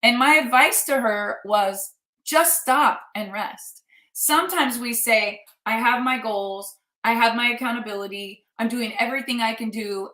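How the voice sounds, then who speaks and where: A woman's voice: fairly high pitch, bright, forceful tone, echoey room. A middle-aged woman and life coach giving an emphatic motivational talk, repeating her points for effect.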